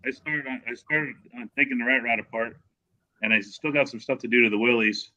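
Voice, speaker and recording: A man's voice: medium pitch, steady tone, brisk, bright, forceful tone, dull audio. A man from upstate New York telling rambling anecdotes in a casual chat about cars. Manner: rambling anecdotes with fillers and restarts.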